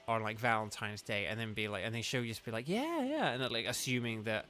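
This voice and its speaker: A man's voice: fairly low pitch, little pitch movement, fast talker, pushed and bright. A young man from southern England with a southern English accent, chatting casually and rambling on a game livestream, leaning heavily on "like". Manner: rambling, chatty, heavy use of "like". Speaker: game streamer.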